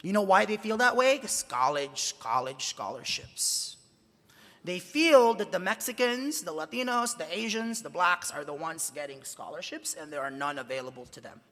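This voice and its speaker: A man with a bright, forceful voice addresses a room of students. He fires off rhetorical questions with real emphasis. The sound carries a long hall reverb. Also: sits high, animated, moderate pace. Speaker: journalist giving a talk. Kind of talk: conference talk to students. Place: large convention hall.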